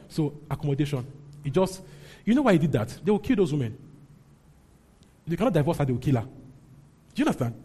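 A man's voice: on the high side, warm tone, husky. A man preaching a sermon as pastor, emphatic and often checking in with his congregation. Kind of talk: sermon teaching and prayer.

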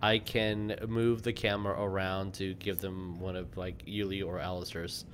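A man's voice: sits low, level tone, normal speed, heavy background noise. A man playing in a casual tabletop game, joking and laughing with the group. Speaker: player.

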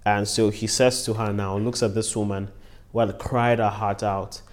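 A man's voice: fairly low pitch, little pitch movement, moderate pace. A man giving a devotional Bible teaching as a preacher. He talks earnestly, repeats key phrases for emphasis and breaks into short words of praise between points. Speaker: preacher and podcast host.

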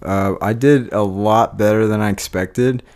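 Rambling young man, lowish voice. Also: steady tone, a little slow, a little mellow. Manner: rambling, self-deprecating, laughs often. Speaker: podcast co-host. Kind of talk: casual chat.

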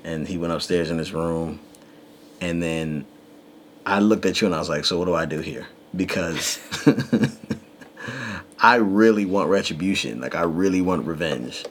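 A man with a very low voice co-hosts a podcast, chatting casually and acting out what people said. Faint hiss sits under the recording. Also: moderate pace. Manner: animated storyteller, acts out quotes. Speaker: podcast co-host. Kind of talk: casual storytelling chat.

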